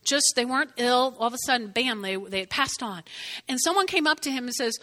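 A woman's voice: fairly high pitch, animated, fairly quick, sharp tone, long reverb tail. A woman pastor preaching a sermon in a conversational way, often checking in with "okay?". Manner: conversational, keeps asking "okay?".

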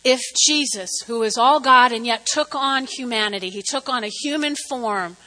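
A woman pastor preaching an animated, conversational sermon and drawing responses from her congregation. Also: on the high side, normal speed. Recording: reverberant hall.

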